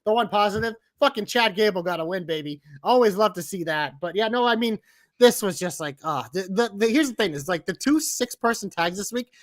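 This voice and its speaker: Podcast co-host, male, animated swearing rant, dead-dry close mic. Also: high-pitched, brisk, no echo. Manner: animated ranting, swears freely. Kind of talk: casual wrestling chat.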